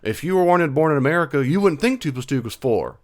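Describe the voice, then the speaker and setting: A man's voice: a little high, lively intonation, quick pace, pitched above the performer's own voice, close to an everyday voice. A man voicing an angry male skeptic who rants and repeats insults. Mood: ranting. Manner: shouting, repetitive, mocking.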